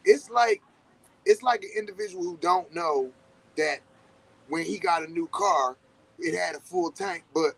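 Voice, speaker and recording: A man's voice: high voice, gravelly, fairly bright tone, slightly rough, rough recording. Laid-back man in casual spiritual talk. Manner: loose, conversational, swears often, acts out quoted reactions. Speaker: podcast host.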